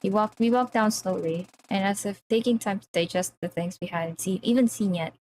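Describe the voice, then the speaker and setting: A woman streamer reads a visual novel aloud on a livestream, at a middling pitch with a faint hiss behind her. She keeps breaking off into jittery chatter with her chat, nervous and easily spooked. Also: a little fast, darkish tone.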